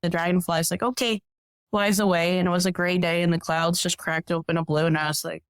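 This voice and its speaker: A woman guest on a podcast telling stories in a casual, animated way, acting out what people said. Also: lowish voice, fast, smooth, dry recording. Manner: animated, acts out quoted voices. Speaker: podcast guest, professional hiker. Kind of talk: casual storytelling.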